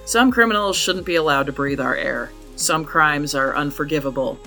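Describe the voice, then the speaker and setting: A man's voice: fairly high pitch, normal speed, pushed and bright, faint music behind. Profane, blunt man narrating true crime. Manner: blunt and profane, openly angry. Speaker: true crime podcast host.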